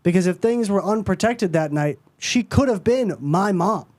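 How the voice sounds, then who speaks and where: A man's voice: sits high, animated, moderate pace, a little mellow. A young man giving teasing, wry commentary while reacting to a video. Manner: wry, teasing, dry remarks.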